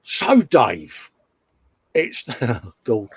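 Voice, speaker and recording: A man's voice: medium pitch, wildly swooping pitch, drawn-out words, breathy edge, dry recording. A man co-hosting a live stream, casually chatting and reading out viewer messages with a jokey, laughing manner.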